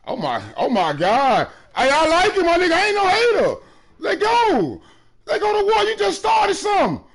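A man streaming a basketball video game, taunting other players loudly, often breaking into shouts. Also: extremely high pitch, huge pitch swings, moderate pace. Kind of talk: trash talk during live gameplay.

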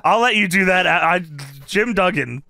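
Lively, bright-voiced male podcast host. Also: high-pitched, moderate pace, gravelly. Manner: laughs a lot, swears freely. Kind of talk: casual chat.

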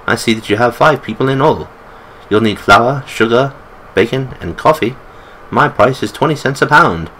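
A man's voice: mid-range voice, expressive, normal speed, pushed and bright, a little hiss or hum, poor audio. A man voicing a sly old British shopkeeper with a pipe, in a put-on British accent and cheery sales patter. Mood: cheery sales pitch.

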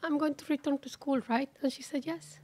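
High-voiced woman giving a heartfelt speech. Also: steady tone, darkish tone, no echo. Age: 40s. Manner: heartfelt, emotional, halting with restarts. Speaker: graduating student speaker. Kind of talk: graduation speech. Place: ceremony.

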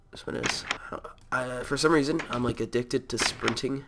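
A man's voice: medium pitch, fairly even intonation, normal speed, noisy background. A man with a cold and a nasal voice, rambling casually as he hosts gameplay commentary. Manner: rambling, chatty, easygoing. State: sick with a cold. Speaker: host.

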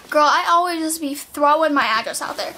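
A woman's voice: high-pitched, pushed and bright, slight background noise. Bubbly teenage girl vlogging a haul. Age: teens. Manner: bubbly, chatty, lots of "like" fillers. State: slightly out of breath. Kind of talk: casual clothing haul chat. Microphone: camera mic.

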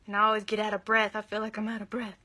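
A woman's voice: mid-range voice, monotone, rapid-fire, bright, forceful tone. A young woman giving a chatty, enthusiastic live makeup tutorial, gushing over the products she uses. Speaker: makeup vlogger.

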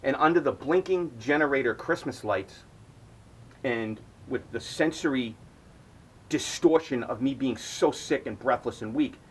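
A man's voice: medium pitch, measured pace, slight background noise, poor audio. A middle-aged man hosting his own podcast, telling a long, rambling story full of swearing. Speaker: podcast host. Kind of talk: storytelling monologue.

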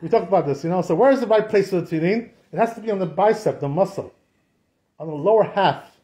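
Teaching Jewish law informally, this rabbi keeps things conversational, firing off rhetorical questions and weaving in Hebrew and Aramaic words. His voice sits high and mellow, and he speaks fast.

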